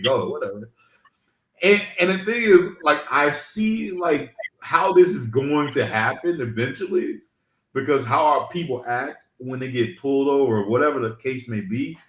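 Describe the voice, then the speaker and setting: A man who grew up in Mississippi, co-hosting a casual podcast, telling stories animatedly with a lot of cursing. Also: medium pitch. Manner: animated storytelling, heavy cursing, acts out quoted voices. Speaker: podcast co-host. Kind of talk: casual chat. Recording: roomy echo.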